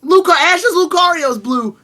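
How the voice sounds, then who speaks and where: A woman co-hosting a casual podcast, telling stories in an animated, profane way. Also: very high-pitched, a little slow. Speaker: podcast co-host.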